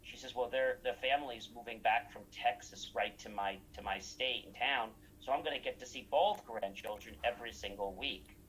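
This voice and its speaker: A man's voice: mid-range voice, normal speed, few pauses, fairly bright tone, a little hiss or hum, poor audio. A man recounting anecdotes in a casual talk, acting out the dialogue he quotes.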